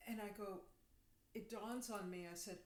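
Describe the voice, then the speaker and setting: A woman guest on a podcast telling a personal story in a vivid, animated way during casual chat. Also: mid-range voice, normal speed, slight background noise. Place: room. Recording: roomy echo.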